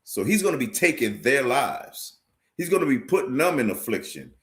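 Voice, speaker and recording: A man delivers a livestream sermon in a medium-pitched voice. He is forceful and repetitive, quotes scripture, and keeps turning to his viewers to ask whether they understand. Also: sing-song, moderate pace. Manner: forceful, preachy, repeats phrases, quotes scripture; addresses viewers directly, asks "you understand?". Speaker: street preacher teaching a class.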